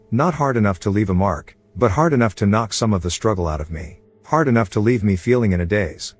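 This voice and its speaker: A man narrating an audiobook in the first person, steady and low-key, with a husky voice.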